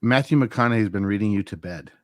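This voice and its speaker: A man's voice: on the low side, fast talker, no echo, studio quality. A man co-hosting a casual chat, making teasing jokes at the others. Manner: wisecracking, teasing. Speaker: show co-host.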